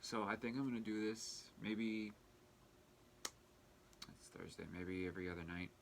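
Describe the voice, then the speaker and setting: A man's voice: lowish voice, steady tone, gravelly, a little hiss or hum. Earnest young man, tearful heartfelt vlog. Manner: earnest and heartfelt, halting with restarts. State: tearful, fighting back crying. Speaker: vlogger. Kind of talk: emotional personal vlog.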